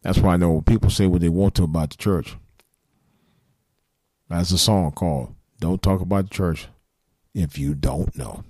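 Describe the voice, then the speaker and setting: Deep-voiced earnest late-night host. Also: male voice, normal speed, long pauses, a little mellow, slightly rough, no echo, studio quality. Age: 50s. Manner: earnest, repetitive, blunt with occasional swearing. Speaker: call-in show host. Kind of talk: live late-night call-in monologue.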